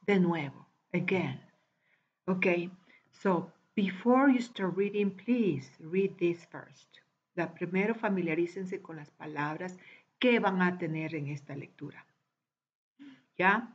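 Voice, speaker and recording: Husky woman teacher going thru a lesson real slow, repeats stuff, kinda muffled recording. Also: lowish voice. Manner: patient, repeats and spells out words slowly. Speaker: English teacher. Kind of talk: recorded online class walkthrough. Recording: dull lo-fi recording.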